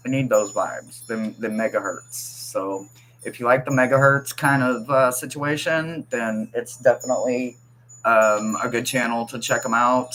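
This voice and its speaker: A chatty host of a tarot livestream with a mid-pitched voice. They talk loosely, greeting and teasing viewers between laughs. Faint wind chimes tinkle softly behind the voice. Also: poor audio. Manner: chatty, teasing, laughs often, reads chat aloud. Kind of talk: casual livestream chat.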